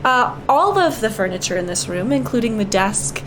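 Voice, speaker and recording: A woman narrating as game master of a tabletop role-playing game, describing scenes in a relaxed, wry way with fillers. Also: fairly high pitch, moderate pace, noisy background.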